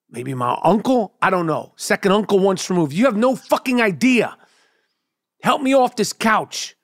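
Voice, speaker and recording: A man's voice: high voice, animated, normal speed, dry recording, studio quality. A man hosting a podcast, telling a rambling, profane, comedic story in casual chat. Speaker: podcast host.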